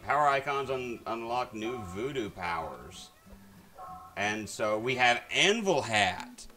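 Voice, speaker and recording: A man talks through a video game on a live stream, chatting casually to his viewers. He rambles and trips over his words, stacking up fillers and restarts. Soft game music plays quietly underneath. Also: medium pitch. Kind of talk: casual gameplay commentary. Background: faint game music.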